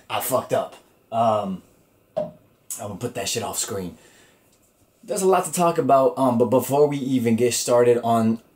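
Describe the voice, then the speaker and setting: A man's voice: medium pitch, a little mellow. A man hosting his own comedy podcast alone, talking loosely and profanely with lots of fillers and restarts. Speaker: podcast host. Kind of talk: casual solo podcast talk.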